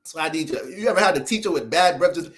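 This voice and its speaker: Animated, foul-mouthed male astrologer. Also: a little high, fast. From United States. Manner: profane, joking, animated. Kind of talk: casual livestream rant.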